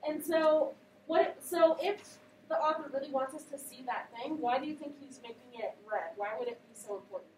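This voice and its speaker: Woman teacher, high voice, recorded from a distance with faint noise behind. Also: normal speed. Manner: animated, questioning students. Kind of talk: classroom read-aloud and discussion. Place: classroom. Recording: echoey classroom, voice from a distance, faint background noise.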